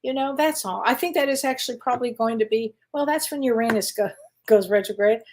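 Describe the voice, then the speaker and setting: This middle-aged woman, a psychic answering viewers' questions live, talks a little high and a little fast, reassuring and chatty with fillers, restarts and lots of laughter. A faint hiss or hum sits under the recording.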